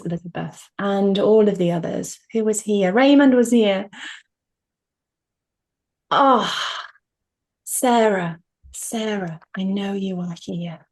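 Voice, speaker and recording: Woman on a video call, slow and gravelly with a breathy edge, affectionate and playful. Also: lowish voice, a little mellow. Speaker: group participant.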